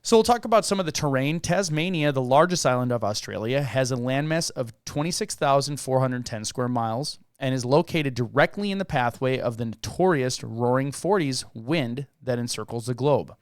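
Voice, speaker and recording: A man's voice: mid-range voice, animated, moderate pace, few pauses, clear, resonant tone, no room sound, studio quality. A man co-hosting a casual podcast, reading facts aloud and often laughing and stumbling over words. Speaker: podcast co-host.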